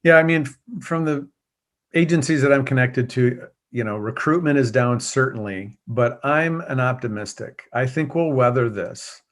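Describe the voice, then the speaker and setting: A man's voice: medium pitch, moderate pace. A man, a former police officer now starting a church, speaking earnestly and reflectively as an interview guest. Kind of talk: conversational interview.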